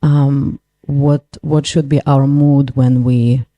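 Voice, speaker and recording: A woman's voice: very deep voice, level tone, takes it slowly, dry recording, highs cut off. A woman with a Russian accent asking a question politely and hesitantly in a class. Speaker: audience member asking a question.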